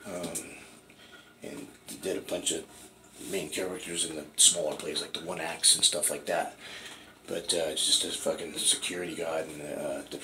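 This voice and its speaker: Over a noisy background, a low-voiced man in his forties, hailing from Washington State in the US, meanders through his acting story. He curses often and keeps tossing in "right?"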